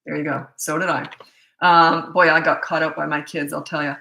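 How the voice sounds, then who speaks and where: A middle-aged woman coaching parents, blunt and chatty as she slips from advice into family stories. Her voice is bright and forceful and sits on the low side for a woman. The room around her is echoey. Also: level tone, moderate pace, creaky. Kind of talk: casual advice talk.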